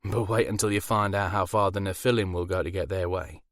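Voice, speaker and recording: A man's voice: low voice, steady tone, fairly quick, fairly bright tone, dry recording, clean studio sound. A man voicing a smug demon father. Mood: teasing. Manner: teasing, indulgent, sly. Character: smug charming male incubus demon father.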